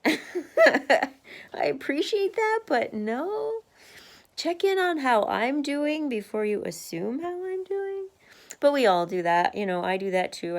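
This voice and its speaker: A woman's voice: medium pitch, creaky. Chatty woman, candid vlog. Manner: chatty and candid, laughs often, marches in place while talking. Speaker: vlogger sharing a weight-loss journey. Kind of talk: casual video diary. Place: home office, seated at her desk.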